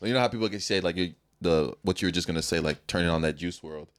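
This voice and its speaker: A young man with a fairly low voice, talking easily on a casual podcast. He laughs along and keeps the chat going by asking questions. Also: fast talker. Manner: relaxed, laughing, asks questions.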